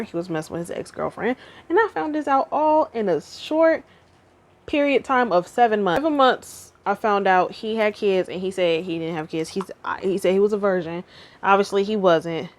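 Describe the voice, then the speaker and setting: A young adult woman casually telling a personal relationship story to her viewers. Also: mid-range voice. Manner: casual, animated storytelling, addresses viewers directly. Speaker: vlogger. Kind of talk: storytime chat.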